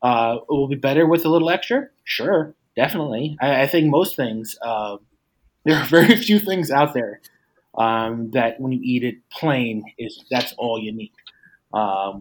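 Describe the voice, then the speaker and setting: A man talking through a casual food debate, rambling and restarting his sentences often. His voice sits at a middling pitch. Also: normal speed. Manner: rambling, many fillers and restarts. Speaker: debater defending hot dogs.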